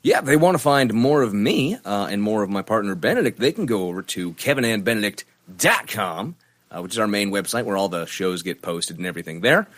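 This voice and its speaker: A man with a raspy radio voice, chatting wryly as a podcast guest. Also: fairly low pitch, fairly quick. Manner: wry, animated storyteller. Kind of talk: casual chat.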